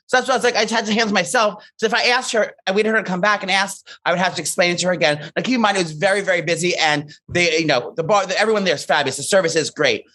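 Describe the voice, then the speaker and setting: A young man with a high voice and a quick, rushing pace co-hosts a podcast. He tells stories in a campy, flamboyant way and plays up the drama. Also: pushed and bright. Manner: campy, flamboyant storytelling, calls himself Nana. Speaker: podcast co-host. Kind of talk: casual chat.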